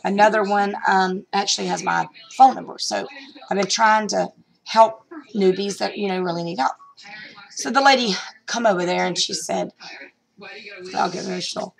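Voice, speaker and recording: A woman's voice: mid-range voice, moderate pace, gravelly, long pauses, low-quality recording. A middle-aged woman vlogging about reselling, telling a story in a rambling, chatty way with lots of fillers and restarts. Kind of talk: casual storytelling vlog.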